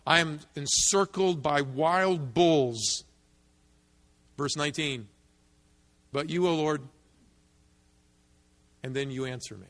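A man's voice: on the high side, fairly bright tone. A man preaching a sermon as a pastor, emphatic, rising to fervent peaks when he quotes scripture. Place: church sanctuary. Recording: long reverb of a large hall.

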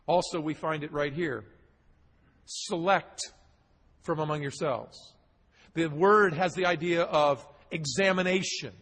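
A high-pitched man with a husky, breathy voice preaches an expository sermon, driving points home through emphatic repetition. His words ring with a long hall reverb, as if from a church sanctuary. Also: fairly bright tone. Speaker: pastor.

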